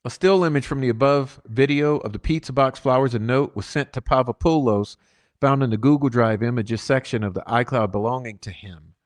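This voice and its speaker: A man's voice: medium pitch, fairly quick. A man with a mid-range voice reads legal filings aloud for his channel. He breaks in with emphatic commentary, and his voice rises as he drives a point home. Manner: emphatic asides, rising when stressing points. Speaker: channel host. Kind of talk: reading court documents with commentary.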